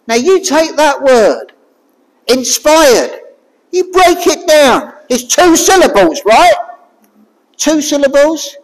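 A preacher delivers a sermon slowly and deliberately, pitch swinging widely as questions are put to the congregation. The voice rings out with a long reverb, as in a church hall. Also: very animated. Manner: slow, questioning, draws listeners in with repeated rhetorical questions.

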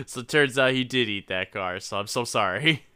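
A man's voice: mid-range voice, pushed and bright, clean tone. A man co-hosting a podcast, chatting about a movie in a laid-back way with profane, joking asides. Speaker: podcast co-host. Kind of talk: casual movie recap chat.

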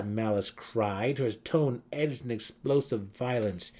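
Slow, husky male fantasy narrator. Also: lowish voice, a little mellow. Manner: measured, deliberate storytelling. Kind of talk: dramatic audiobook reading.

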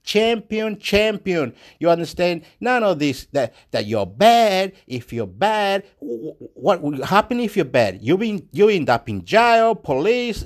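A man's voice: sits high, sing-song, unhurried, few pauses. A man from Chile, speaking English with a Chilean Spanish accent, talks to the camera in a rambling, repetitive, emphatic monologue and swears now and then.

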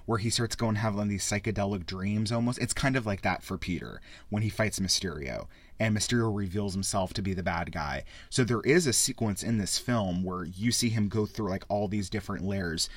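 A man with a slightly low voice gives a loose, rambling review, swearing freely and getting worked up as he goes. The recording is close and dry, with no room sound. He talks the way a show host chats to regular listeners. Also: moderate pace, hardly any pauses, no room sound. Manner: rambling, profane, excitable. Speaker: podcast host reviewing a film. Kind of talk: casual spoken film review.

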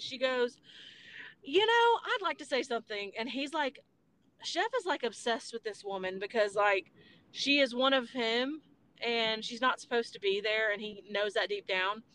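A young woman chats casually about a movie, rambling through the plot and acting out lines as she goes. Her voice sits a little high, and faint background noise runs under the recording. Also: sharp tone. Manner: rambling, retells scenes with quoted voices, swears. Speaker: podcast host.

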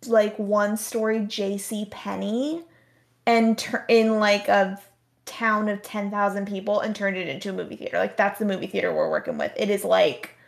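Gravelly-voiced young woman telling a story. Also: medium pitch, fairly even intonation, moderate pace. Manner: rambling, heavy on "like". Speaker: podcast guest. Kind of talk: casual storytelling.

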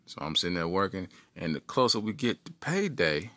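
A man, co-host of a podcast, telling an animated, joking story from his youth. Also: low voice, a little fast, no echo, studio quality. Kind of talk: comic storytelling.

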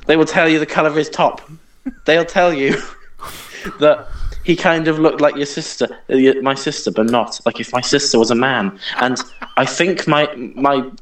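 A man's voice: on the high side, steady tone, normal speed, poor audio. A young man co-hosting a podcast, ranting in exasperation about pet peeves with frequent laughter. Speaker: podcast co-host. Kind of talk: casual podcast chat.

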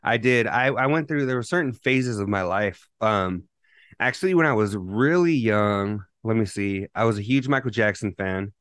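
A man's voice: on the low side, animated, normal speed, a bit bright, clean tone, no room sound. A man co-hosting a casual podcast, telling loose stories packed with profanity and restarts. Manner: loose, profanity-heavy storytelling with rambling restarts. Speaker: podcast co-host. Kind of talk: casual chat.

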